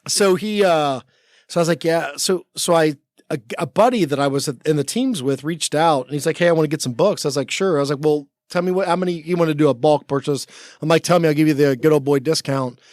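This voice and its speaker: Rambling man in his forties, guest on a podcast, slightly high voice, dry close sound, acts out the dialogue in his stories. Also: fast, a little mellow, dry recording. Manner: rambling, full of 'like', acts out quoted talk. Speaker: podcast guest, former Navy SEAL. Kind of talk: casual storytelling chat. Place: podcast studio.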